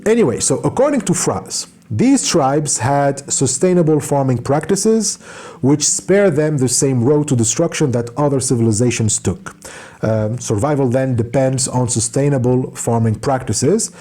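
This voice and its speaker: A man's voice: mid-range voice, expressive, normal speed, warm tone. A man reviewing a book in an unscripted explanatory talk, hesitant, with frequent fillers and self-corrections.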